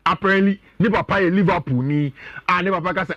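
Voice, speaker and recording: A man's voice: high voice, fast, a bit bright, no room sound, highs cut off. A man with a Ghanaian accent, talking as a sports pundit on a radio show, chatty and often addressing his co-host.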